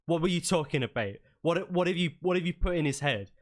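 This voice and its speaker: A man playing a red-faced guard commander in a tabletop game, barking orders in a raised, higher-pitched voice and demanding obedience. He is loud and indignant and never lets up. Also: animated, quick pace, natural voice. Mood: stern. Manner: shouting, indignant. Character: stern furious male guard commander.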